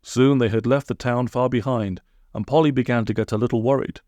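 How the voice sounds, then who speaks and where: A man's voice: medium pitch, brisk, dry recording. Dry-voiced man reading a storybook. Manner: comic, deadpan asides. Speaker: narrator.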